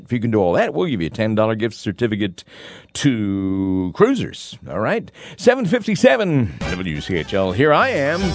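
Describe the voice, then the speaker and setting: A male morning radio host chatting and laughing easily as he reads announcements and jokes. His pitch swings around a lot as he talks. Faint music plays underneath him. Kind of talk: live radio banter and announcements.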